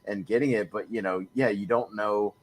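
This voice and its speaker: A man's voice: on the low side, fairly even intonation, normal speed, a crowd in the background. A man hosting a casual movie podcast, rambling with many fillers and frequent laughs. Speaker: podcast host.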